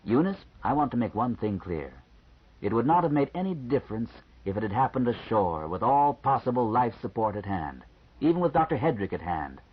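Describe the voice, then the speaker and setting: A man reading an audiobook, voicing a calm male doctor who explains things frankly and matter-of-factly. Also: mid-range voice, slightly rough. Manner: measured, matter-of-fact explaining. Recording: slightly muffled lo-fi recording.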